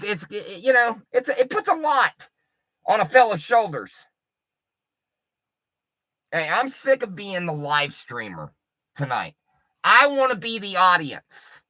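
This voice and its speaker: A man's voice: sits high, big pitch swings, measured pace, long pauses, pushed and bright, no echo. A middle-aged man, a livestreamer, ranting in a rambling, profane and mocking way at his audience.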